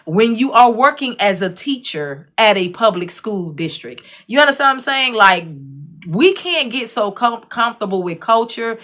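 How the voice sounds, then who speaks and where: A woman's voice: a little high, lively intonation, moderate pace, fairly bright tone. A woman hosting an online show, giving casual opinion commentary with emphatic repetition and frequent check-ins with her listeners. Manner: conversational, repeatedly checks in with the listener; emphatic, repeats phrases for stress.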